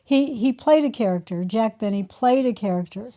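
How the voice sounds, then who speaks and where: A woman's voice: fairly high pitch, normal speed, dark tone. A woman co-hosting a talk podcast, chatting casually and telling anecdotes. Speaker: podcast co-host. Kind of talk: casual conversational commentary.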